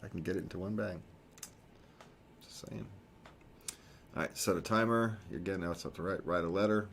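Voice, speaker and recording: A man's voice: low-pitched, moderate pace, gravelly, a bit bright, a little hiss or hum. A man co-hosting a casual talk show, rambling and correcting himself, chuckling often. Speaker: podcast co-host. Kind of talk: casual chat.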